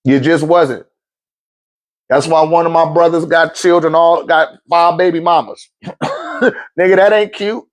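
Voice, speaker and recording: A man's voice: a little high, steady tone, a little slow. Blunt preachy middle-aged man. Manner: blunt, profane, preachy, laughs often. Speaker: spiritual speaker giving life advice. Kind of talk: casual monologue to camera.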